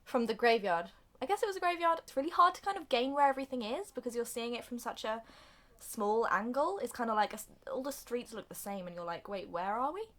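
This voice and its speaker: A woman's voice: on the high side, lively intonation, a bit bright. A young woman reviewing a film in a casual, giggly way, often laughing and bursting into sung snippets. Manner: giggly, breathless retelling with sung bits and quick voice changes.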